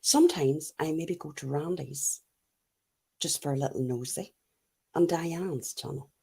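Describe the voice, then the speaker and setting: A woman's voice: deep voice, unhurried, creaky, mellow, breathy edge. A middle-aged Irish woman chatting casually as she answers live comments, blunt and laughing often. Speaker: YouTube livestream host.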